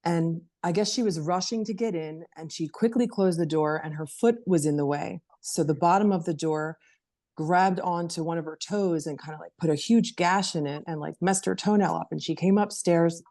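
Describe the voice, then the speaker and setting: Low mellow-voiced woman telling a story. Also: normal speed. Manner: animated storytelling, acts out her daughter in a high voice. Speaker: interview participant. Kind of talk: casual personal story.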